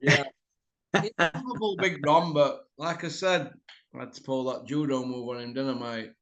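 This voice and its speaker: A middle-aged man telling a rowdy story in casual chat, mouthy and quick to laugh. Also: medium pitch, fairly even intonation, a bit bright. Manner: mouthy, laughs a lot, slips into quoted voices. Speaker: podcast host. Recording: echoey room.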